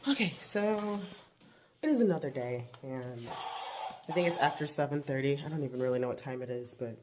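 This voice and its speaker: A woman chatting casually at home as a vlogger and mother, animated and quick to laugh. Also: rumbling low, noisy background. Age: 40s. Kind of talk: casual chat.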